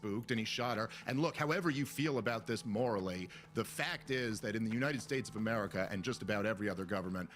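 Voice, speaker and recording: A man with a mid-range voice talks quickly as a panel guest. He sounds measured and conversational, hedging with fillers as he makes his point. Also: on the low side, a bit bright, faint music behind. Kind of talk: panel debate commentary.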